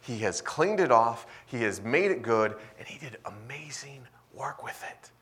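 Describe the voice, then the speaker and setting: A man preaching to his congregation in an animated, swinging delivery. He pushes up loud for emphasis and then drops to quiet, almost whispered asides. His voice sits in an ordinary middle pitch. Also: unhurried. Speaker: pastor. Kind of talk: sermon.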